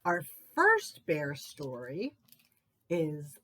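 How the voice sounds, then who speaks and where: A woman who works as a children's librarian, reading picture books aloud for story time in an expressive way, doing character voices. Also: mid-range voice, slow.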